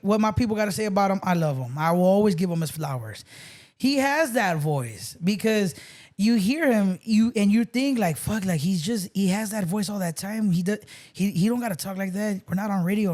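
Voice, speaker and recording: A man's voice: high-pitched, animated, normal speed, a little mellow. Man, podcast guest; casual, profane storyteller. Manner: loose, swearing storyteller, mixes in Spanish. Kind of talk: casual chat.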